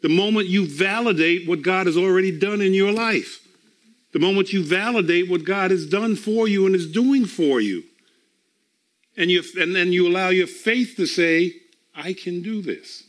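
A man preaching a sermon, emphatic and deliberate, repeating phrases for effect. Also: high-pitched. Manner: slow and deliberate, drawn-out pauses.

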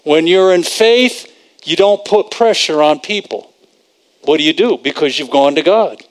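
A man's voice: a little high, expressive, a little slow. A man preaching a conversational sermon, repeating phrases for emphasis and quoting scripture.

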